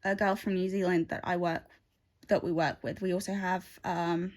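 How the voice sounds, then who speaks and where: A woman's voice: on the low side, little pitch movement, moderate pace, a little mellow. Woman, casual craft-vlog chatter, rambling asides, phone mic. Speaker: craft vlogger. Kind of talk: casual chat while stitching.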